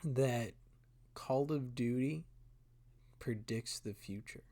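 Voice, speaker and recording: A man's voice: medium pitch, slow pace, dark tone. A young man co-hosting a podcast in casual chat, easygoing and laughing often. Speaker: podcast co-host.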